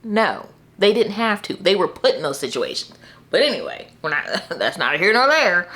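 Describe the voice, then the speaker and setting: A young woman vlogging casually about her book picks, animated and laughing often as she talks to viewers. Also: medium pitch, moderate pace. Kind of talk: casual chat to camera.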